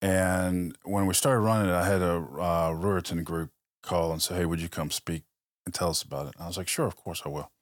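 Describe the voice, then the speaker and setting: Deep-voiced man telling lively stories. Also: a little fast, no room sound, clean studio sound. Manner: animated storyteller acting out quoted dialogue. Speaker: podcast guest, police officer. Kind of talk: casual storytelling chat.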